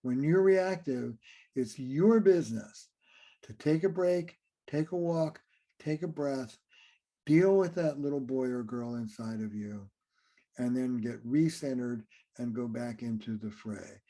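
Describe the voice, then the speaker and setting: Mellow-voiced man explaining relationships. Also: mid-range voice, unhurried. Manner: animated, acts out little scenes between partners. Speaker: relationship therapist and author. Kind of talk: conversational interview explanation.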